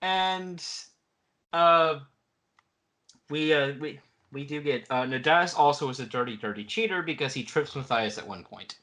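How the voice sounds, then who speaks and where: On the high side and moderately paced, a man's voice carries a laid-back podcast chat. As co-host, he sums up episodes and lively acts out what the characters say.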